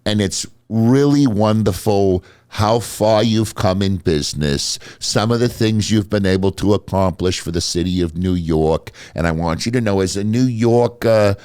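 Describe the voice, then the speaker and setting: A man playing a male senator who pays a rival a slow, mock-sincere compliment. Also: on the low side, darkish tone, clear, resonant tone, dry recording, studio quality, close to an everyday voice.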